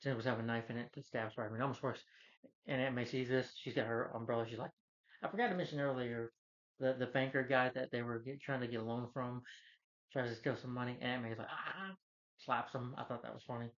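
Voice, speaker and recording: A man's voice: medium pitch, steady tone, fast talker, muffled recording. A man giving a casual film review, retelling the plot in a rambling way with lots of fillers.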